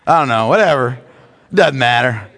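A middle-aged man preaching a sermon as pastor, drawing out key words with dramatic pauses and slipping into quick joking asides. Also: mid-range voice, lively intonation, creaky, fairly bright tone, in a large hall.

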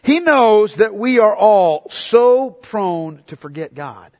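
Heard through long hall reverb, a man preaches as pastor, taking it slowly. He shifts from hushed, low reflection to loud, excited exhortation and back.

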